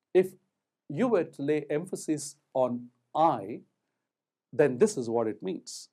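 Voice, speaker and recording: A man giving a recorded lecture on communication skills, talking in a deliberate, emphatic way and stressing words for effect. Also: mid-range voice, dark tone.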